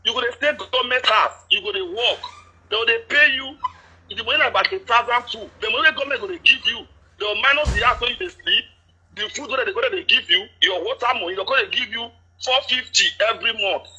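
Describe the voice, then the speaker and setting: A man caller speaking Nigerian Pidgin, explaining things at length in a steady, detailed way. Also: very high voice, quick pace, breathy edge, low-quality recording. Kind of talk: casual chat.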